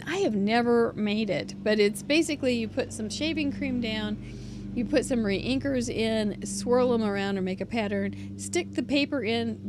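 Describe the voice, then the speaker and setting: A woman hosting a crafting video, chatting casually and thinking aloud as she shows cards, often trailing off softly. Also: a little high, background noise. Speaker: crafting channel host. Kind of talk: casual crafting show-and-tell.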